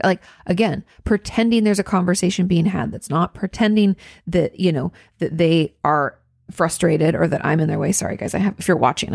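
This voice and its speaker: A woman's voice: fairly low pitch, creaky, darkish tone, no echo, studio quality. A woman therapist casually answering viewer questions, chatty and full of "like" fillers. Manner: conversational, many "like" fillers.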